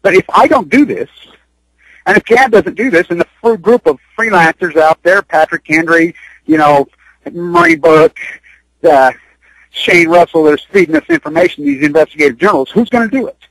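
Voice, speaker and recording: A man's voice: sits high, lively intonation, moderate pace, vocal fry, a bit bright, no room sound, poor audio. A man speaking on a radio interview, urgent and rambling, repeating himself as he pushes his point. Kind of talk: impassioned radio interview talk. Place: Utah.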